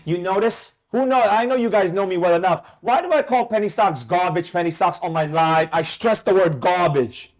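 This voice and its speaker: High-voiced, animated male trading instructor. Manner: animated, emphatic, quizzes students with rapid questions. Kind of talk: live trading class discussion.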